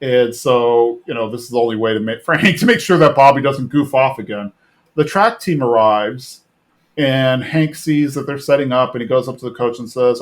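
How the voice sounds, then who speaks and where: A man's voice: mid-range voice, moderate pace. A man hosting a podcast, casually recapping a cartoon episode in a rambling way with many fillers and restarts. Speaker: podcast host.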